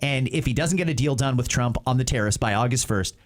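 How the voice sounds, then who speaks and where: A man's voice: mid-range voice, quick pace. A man from Canada hosting a talk show, giving passionate, emphatic political commentary. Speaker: show host. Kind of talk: opinionated talk show discussion.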